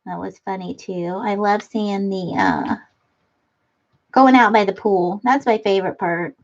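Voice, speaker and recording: A woman's voice: medium pitch, unhurried, lo-fi sound. A middle-aged woman hosting a casual craft livestream from her front room, chatting and giggling with viewers as she reads their comments. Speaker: livestream host. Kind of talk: casual chat while crafting, reading comments. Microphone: computer webcam mic.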